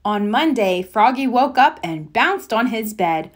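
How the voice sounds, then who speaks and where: A woman reading a children's picture book aloud, with an expressive, unhurried manner. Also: fairly high pitch. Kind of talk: read-aloud storytelling.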